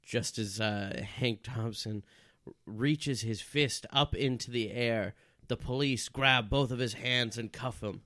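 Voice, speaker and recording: A man narrating an improv comedy scene in a middle-pitched voice, laid back and full of fillers. The recording is dry and close to the mic. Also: measured pace, bright, forceful tone, dry recording. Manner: casual, with fillers.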